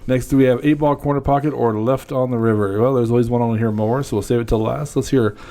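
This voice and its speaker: A man hosting a podcast in relaxed casual chat, laughing often. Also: medium pitch, quick pace. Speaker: podcast host.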